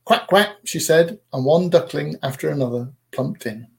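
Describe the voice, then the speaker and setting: Sex: man. Role: storyteller. Style: storybook reading. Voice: gravelly, a bit high. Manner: measured, expressive.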